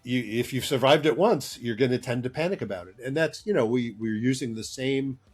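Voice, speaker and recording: A man's voice: medium pitch, a little fast, breathy edge. A man speaking as a therapist guest, explaining ideas earnestly in conversation and laughing between points.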